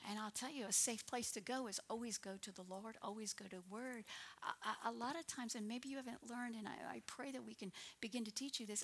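A woman in her sixties giving an earnest personal testimony as a minister, often dropping into a soft, breathy near-whisper. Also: fairly high pitch.

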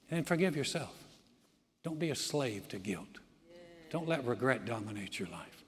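A man's voice: mid-range voice, moderate pace, pauses often, long reverb tail, crowd noise. A man preaching a sermon as pastor, folksy and direct as he tells a story.

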